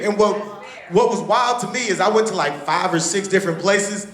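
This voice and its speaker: Male stand-up comic from Texas, high-pitched, animated and profane, live in an echoey club. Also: brisk. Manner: loud, animated, profane, acts out quotes. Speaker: stand-up comedian. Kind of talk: stand-up comedy set. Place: comedy club stage. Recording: roomy club recording.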